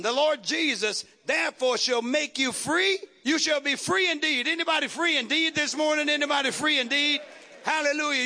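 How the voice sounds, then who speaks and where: A preaching man with a very high, bright and forceful voice. He drives his sermon with rhythmic repeated phrases and keeps calling out questions to the congregation. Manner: call-and-response preaching, repetitive rhythmic phrases. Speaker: pastor.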